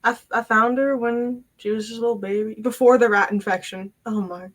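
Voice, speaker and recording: A woman's voice: a little high, fairly even intonation, close to an everyday voice. A woman playing a fussy furry tavern keeper. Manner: hissing, fussing, quick to apologize.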